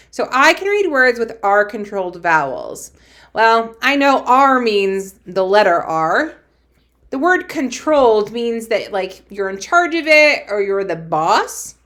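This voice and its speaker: A woman's voice: fairly high pitch, fairly bright tone. A woman teacher giving a cheerful phonics lesson to young children, sounding out letters and praising them.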